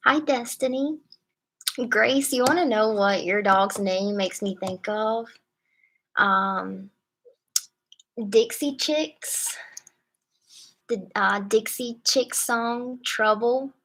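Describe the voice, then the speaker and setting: A woman's voice: a little high, takes it slowly, pauses often, fairly bright tone, rough recording. A woman reading tarot on a live stream from a hotel room, chatting casually and playfully with viewers in slangy talk and laughing often.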